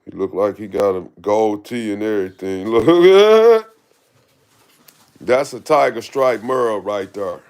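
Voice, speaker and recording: A man who breeds dogs, talking casually and unhurriedly on a livestream while he is outdoors with his dogs. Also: on the low side. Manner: laid-back, unhurried street talk. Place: outdoors at his dog kennels.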